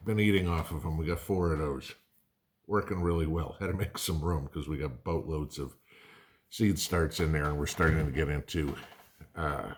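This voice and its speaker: Middle-aged man, very low voice, rambling casual vlog host. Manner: conversational, rambling, folksy asides. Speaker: prepping channel host. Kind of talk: casual talk to camera.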